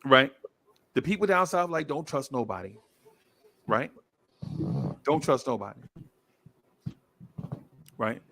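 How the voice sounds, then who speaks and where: This man, chatting casually on a podcast, narrates a story with lively impressions of its characters, repeating points to stress them. His mid-pitched voice is slow and creaky, broken up by frequent pauses.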